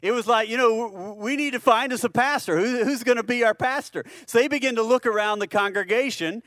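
A man's voice: very high-pitched, brisk, fairly bright tone, dry recording, clean studio sound. A man preaching a sermon in a conversational way, asking the congregation questions and often repeating words as he restarts. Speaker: pastor.

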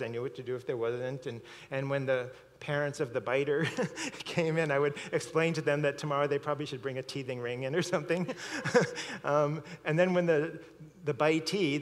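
Chuckling man preaching in a reverberant hall. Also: medium pitch. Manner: storytelling, chuckling often, repeating words. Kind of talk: sermon.

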